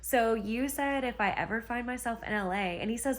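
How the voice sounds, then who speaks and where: A woman's voice: mid-range voice, brisk, few pauses. A woman retelling a romance novel in a chatty, gushing way on her book vlog. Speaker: book vlogger. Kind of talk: casual book reading vlog.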